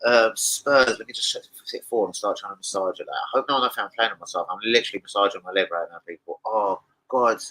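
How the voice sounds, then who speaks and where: An excitable man chatting loosely to camera about his bets, swearing freely and jumping between thoughts. His voice is bright and forward, and he rambles on at a loose, casual pace. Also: lowish voice, fast talker, hardly any pauses, rough recording. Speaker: football betting vlogger.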